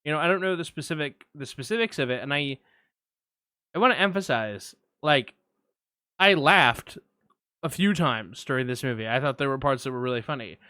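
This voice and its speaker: A man co-hosting a film podcast, chatting with quick asides and restarts. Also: medium pitch, expressive, pushed and bright, smooth, no room sound, clean studio sound. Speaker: podcast co-host. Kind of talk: casual film discussion.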